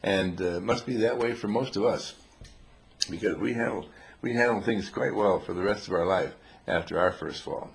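An older man with a very deep, gravelly voice tells rambling, humorous stories to a small group. He talks playfully, chuckles often and drops old-fashioned exclamations. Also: animated, normal speed.

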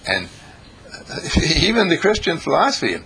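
Gravelly man telling rambling stories. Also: wildly swooping pitch, unhurried, a bit bright. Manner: storytelling, swings pitch for emphasis, laughs at himself. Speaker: speaker giving a spiritual talk. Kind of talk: rambling anecdotal monologue.

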